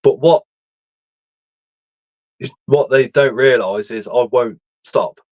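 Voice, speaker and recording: A man's voice: medium pitch, slow, darkish tone, dry recording, highs cut off. Man, thirties, blunt and sweary, rambling livestream chat, close dry mic. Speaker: livestream speaker reading chat. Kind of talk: candid casual chat.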